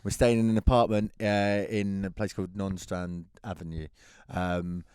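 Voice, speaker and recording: An English man co-hosting a podcast, telling a long anecdote in a lively, laughing way. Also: low voice, normal speed, clear, resonant tone, no room sound, clean studio sound. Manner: animated storyteller, laughs through his tale. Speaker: podcast co-host. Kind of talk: casual chat, anecdote telling.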